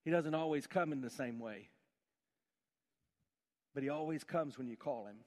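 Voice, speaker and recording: High-voiced man preaching a sermon. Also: moderate pace. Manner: emphatic, rhetorical questions, dramatic shifts between loud and hushed. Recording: long hall reverb.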